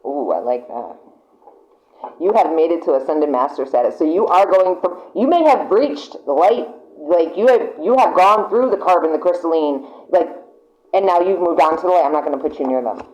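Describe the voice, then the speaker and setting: A woman talks straight into her camera mic as she gives a tarot reading. She is excitable and chatty, laughs often, and swears without a second thought. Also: low voice, normal speed, highs cut off. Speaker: tarot reader.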